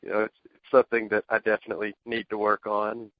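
A man, a ring announcer, guesting on a radio talk show, telling anecdotes in a halting way with many restarts. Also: on the low side, completely flat delivery, no echo, narrow, tinny audio. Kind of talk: casual radio interview, storytelling.

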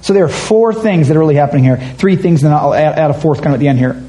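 A man's voice: on the high side, quick pace, warm tone, low-quality recording. A man preaching a conversational, emphatic sermon as a pastor, reading scripture aloud and acting out quotes.

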